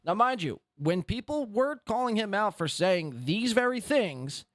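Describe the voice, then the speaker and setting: A podcast host with a high, very lively voice. He talks in a sarcastic, mocking way and rants as he picks apart what he has just heard. The sound is close and dry. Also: a little slow, hardly any pauses, no echo. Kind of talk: commentary on a played clip.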